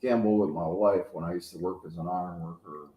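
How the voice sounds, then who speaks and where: A man's voice: sits low, fairly even intonation, a little fast, warm tone, a little hiss or hum. A man in his fifties hosting his channel, chatting casually and telling rambling anecdotes. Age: 50s. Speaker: channel host. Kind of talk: casual chat. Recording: echoey room.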